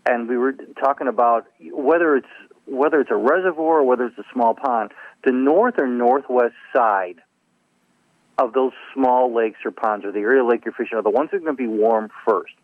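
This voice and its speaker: A man's voice: medium pitch, moderate pace, no echo. A man calling in to a radio show as a fishing expert, explaining earnestly with frequent restarts. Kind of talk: phone-in radio interview. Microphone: telephone. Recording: tinny phone line.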